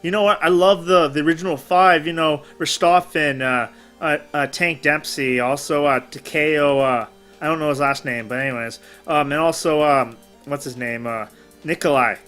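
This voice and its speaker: A man hosting a casual talk show, telling rambling, animated gaming stories. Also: a little high, normal speed, soft background music.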